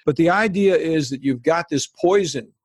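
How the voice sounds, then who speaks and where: A man's voice: a little high, moderate pace, no echo. A middle-aged or older man hosting a conversation, lecturing in a rambling way with many restarts. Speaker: host. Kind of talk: conversational commentary.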